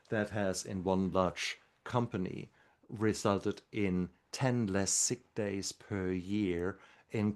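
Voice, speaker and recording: A man speaking as a guest doctor in a podcast interview, talking in an earnest, encouraging way. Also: deep voice. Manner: speaks slower when calm.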